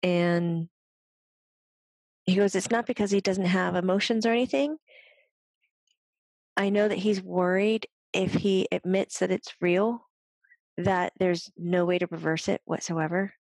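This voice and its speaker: A woman's voice: lowish voice, steady tone, unhurried, long pauses, darkish tone, no echo. A woman working as a medium on a talk show, chatting casually, laughing often and passing on what a spirit tells her. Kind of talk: casual chat.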